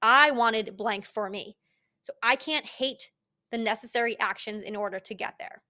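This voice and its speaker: A woman's voice: on the high side, moderate pace, sharp tone. A young woman hosting a fitness podcast, speaking straight to the listener in a casual, emphatic, motivational monologue and swearing freely.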